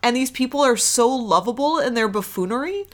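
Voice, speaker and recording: A woman's voice: fairly high pitch, expressive, fairly quick, a bit bright. A woman co-hosting a podcast in casual, rambling chat with frequent restarts. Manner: rambling, with many restarts and fillers. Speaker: podcast co-host.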